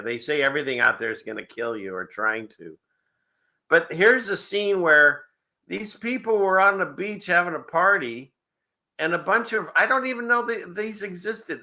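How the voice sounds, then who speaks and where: A man's voice: on the high side, bright, forceful tone. A man hosting a casual livestream show, rambling through clips with frequent chuckles and conspiratorial asides. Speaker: show host.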